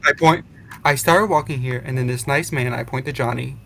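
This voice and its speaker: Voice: medium pitch, fairly quick, vocal fry, a crowd in the background, close to an everyday voice. A player voicing a polite, chatty young girl in a tabletop game, with a put-on British accent and a rambling way of talking. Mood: earnest.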